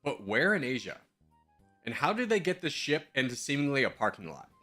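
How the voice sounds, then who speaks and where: A man streaming live, talking through his guesses out loud in a loose, self-mocking way. His voice is bright and forward, and his pitch jumps around a lot. Soft music plays faintly underneath. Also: sing-song, a little fast. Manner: thinks aloud, chatty, self-mocking. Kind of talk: casual live-stream commentary.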